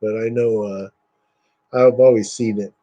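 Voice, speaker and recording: In a muffled recording, a man with a lowish, mellow voice speaks unhurriedly and with fairly even intonation. He's casually showing off collectibles, rambling with many fillers and a lot of enthusiasm.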